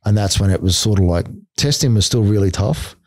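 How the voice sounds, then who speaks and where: A man's voice: lowish voice, expressive, fairly quick, no echo, studio quality. A middle-aged Australian man and army veteran, telling stories in a casual podcast interview, blunt and full of swearing. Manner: blunt, heavy swearing, laughing between stories.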